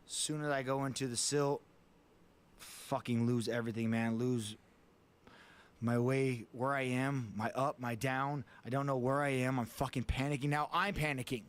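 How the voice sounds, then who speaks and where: Profane storytelling man, mid-pitched. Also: fairly even intonation, moderate pace, smooth. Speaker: guest. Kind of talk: casual storytelling.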